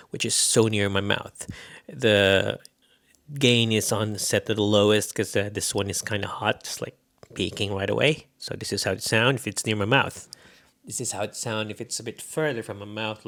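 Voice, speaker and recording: Here a Bisaya-accented man from the Philippines, his voice fairly low and a bit bright, rambles through a casual gear-testing vlog. He swaps microphones in an echoey indoor room, talking off the cuff with plenty of fillers.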